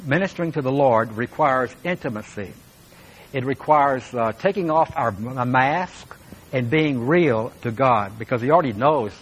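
A man's voice: medium pitch, breathy edge, rough recording. A man preaching a sermon as pastor, speaking earnestly and with emphasis, and turning now and then to talk straight to his listeners.

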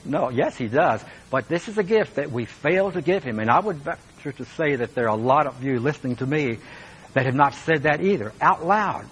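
A man's voice: a little high, lively intonation, normal speed, fairly bright tone, a little hiss or hum, poor audio. A man preaching a sermon as pastor, speaking earnestly and with emphasis, and turning now and then to talk straight to his listeners.

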